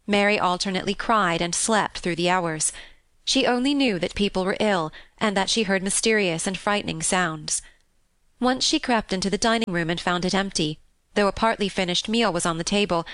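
A woman reading a classic children's novel aloud in a calm, steady and expressive narration. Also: mid-range voice, no room sound. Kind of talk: scripted storybook narration.

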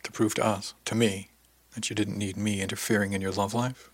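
A man's voice: lowish voice, level tone, fairly quick, close to an everyday voice. A man reading an audiobook voices a confident, wry woman ship captain, lifting his voice for her lines. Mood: teasing.

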